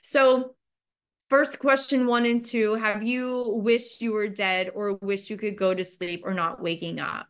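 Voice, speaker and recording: A woman's voice: medium pitch, steady tone, measured pace, clear, resonant tone. Casual woman counselor leading a webinar. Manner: informal, talks with fillers like "like" and "you know". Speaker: mental health counselor leading a training webinar. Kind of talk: conversational training talk.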